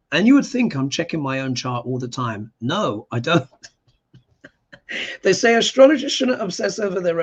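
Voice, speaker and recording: Chatty astrologer hosting a live stream. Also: male voice, on the high side, husky. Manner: chatty, animated, reads viewer comments aloud. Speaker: astrologer and live show host. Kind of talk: live-stream chat reading.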